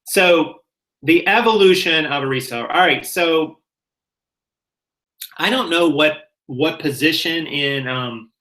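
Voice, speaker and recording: A man's voice: a little high, takes it slowly, sharp tone, poor audio. A middle-aged man from the American South with a light Southern accent, hosting a casual chat about reselling and rambling a little as he corrects himself. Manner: chatty, rambling, self-correcting. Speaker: reseller channel host.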